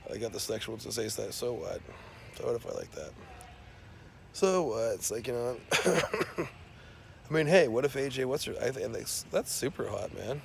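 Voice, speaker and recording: A man's voice: medium pitch, normal speed, vocal fry, pauses often, slight background noise. A man delivering a profane, rambling comic rant full of fillers and restarts. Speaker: self-described scientist.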